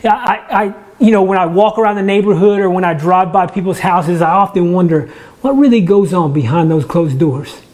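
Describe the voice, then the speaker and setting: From his own home, a church ministry leader delivers a relaxed sermon in a high, somewhat dark voice at normal speed. His talk is chatty, with frequent word restarts and self-deprecating jokes.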